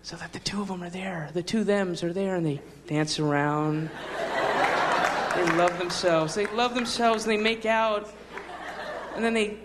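On a club stage, a male stand-up comedian rambles through his routine with wry, laughing asides. His voice is high-pitched and unhurried, recorded live with the crowd and noise.

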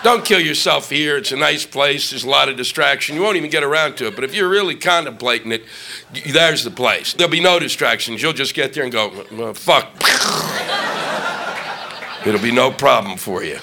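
A man's voice: mid-range voice, expressive, normal speed, gravelly. Ranting profane man doing stand-up. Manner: ranting, profane, shouting punchlines. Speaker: stand-up comedian. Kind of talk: stand-up comedy set. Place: comedy club stage before a laughing audience.

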